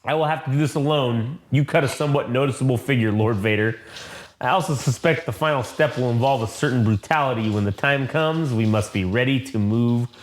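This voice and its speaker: A man's voice: medium pitch, fairly quick, close to an everyday voice. A man voicing a fussy elderly male alien inspector, prim and precise, in an echoey room.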